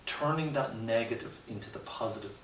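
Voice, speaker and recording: An earnest Irish mountaineer, a guest in a conversational interview, tells stories in a reflective way, restarting often and dropping in "you know" asides. His mid-range voice is fairly bright and a little fast, picked up by a distant, roomy mic with slight background noise.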